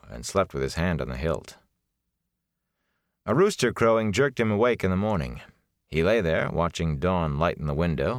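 A man narrating a fantasy novel in measured, expressive storytelling. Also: low-pitched, no room sound, clean studio sound. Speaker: audiobook narrator.

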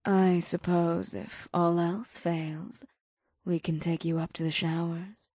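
Performed by a woman, a self-assured witch talks in a lower, even voice, calm and matter-of-fact. The dry audiobook recording keeps her close. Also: slow pace, slightly rough, no echo. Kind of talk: audiobook character voice.

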